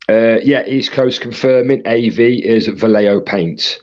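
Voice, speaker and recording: A man with a husky voice, casually reading viewer comments aloud as co-host of a live stream. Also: mid-range voice, a little slow, darkish tone, dull audio.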